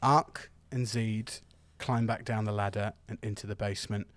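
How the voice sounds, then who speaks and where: Relaxed man running a tabletop game. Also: fairly low pitch, no echo. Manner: relaxed, halting, many fillers. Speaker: game master.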